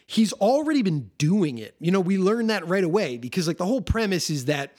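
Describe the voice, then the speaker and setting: A man's voice: high-pitched, very animated, brisk, darkish tone. A man co-hosting a podcast, talking in a laid-back way about films and laughing as he talks. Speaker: podcast co-host. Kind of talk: casual film discussion.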